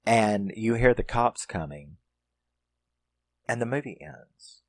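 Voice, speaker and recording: A man's voice: fairly low pitch, expressive, takes it slowly, no room sound. A man casually reviewing a horror film, rambling, swearing and acting out characters' lines.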